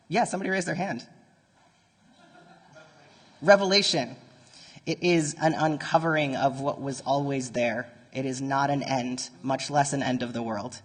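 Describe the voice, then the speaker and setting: A man giving a conference talk to a live audience, speaking conversationally and turning to the room with nerdy asides. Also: mid-range voice. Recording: long reverb from a large conference hall.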